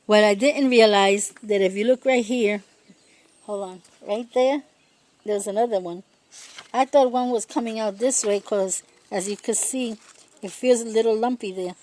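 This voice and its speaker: A woman talking her way through a casual garden vlog outdoors, chatty and rambling, laughing often and pausing to search for words. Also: medium pitch, a little mellow. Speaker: home gardener.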